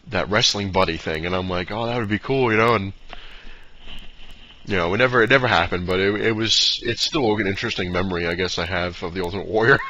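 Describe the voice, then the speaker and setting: A man's voice: lowish voice, sharp tone. A man telling a long personal story in a casual, rambling way, full of fillers, slipping into short impressions of the people in it. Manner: rambling, fillers, mimics dad in quotes. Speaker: vlogger. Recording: dull lo-fi sound with faint noise.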